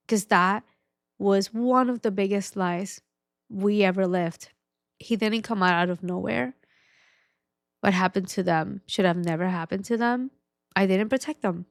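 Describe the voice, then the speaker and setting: A woman's voice: mid-range voice, no echo. Emotional woman host, dry close sound. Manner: emotional, frank, swears often. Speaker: podcast host. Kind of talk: personal reflective monologue.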